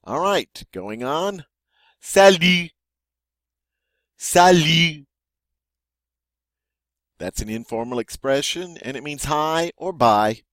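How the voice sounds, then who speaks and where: A man's voice: medium pitch, expressive, measured pace, few pauses, a bit bright, no echo, studio quality. A man teaching a vocabulary lesson, saying each word twice and then giving its meaning. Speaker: French teacher.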